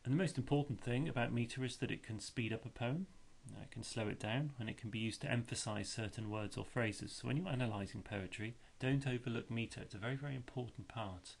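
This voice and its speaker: A man's voice: mid-range voice, fast talker, creaky, hardly any pauses, husky. A male teacher explaining a lesson step by step, chanting rhythms aloud to show the beat.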